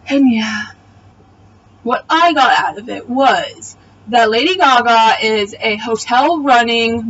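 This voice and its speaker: A woman's voice: fairly high pitch, fairly bright tone, far from the mic, muffled recording. A woman giving a casual, blunt and profane spoken recap of a TV episode. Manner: blunt, profane, exasperated retelling. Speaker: TV episode reviewer. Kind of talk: casual video review recap.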